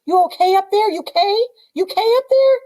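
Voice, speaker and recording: A fretful king, as a woman puts him on in a storybook lesson, his voice jumping far above her own and getting loud. He asks the same anxious question over and over. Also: a little fast. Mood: worried. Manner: high, anxious, repeating questions. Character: fretful male king worrying over someone.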